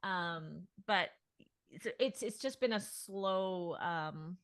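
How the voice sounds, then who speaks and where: A woman's voice: lowish voice, slow pace, fairly bright tone, no echo. A woman co-hosting a podcast, talking casually, thinking aloud with fillers and laughing easily. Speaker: podcast co-host.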